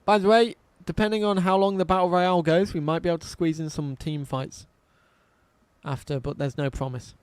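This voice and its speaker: A man's voice: a little high, steady tone, fairly quick, clean tone, dry recording. A man streaming a dinosaur game, chatting casually with viewers, reading out chat and swearing often.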